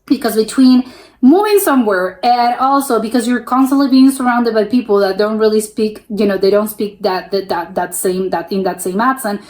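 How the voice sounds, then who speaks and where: A woman from the United States hosts a casual reaction video, thinking out loud in a chatty, meandering way and frequently restarting her sentences. Her voice is medium-pitched and slightly mellow, at a normal speed.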